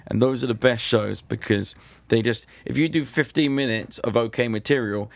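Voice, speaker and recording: A man's voice: mid-range voice, moderate pace, creaky. A British man telling anecdotes as a guest, dry and self-deprecating. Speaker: guest comedian and magician.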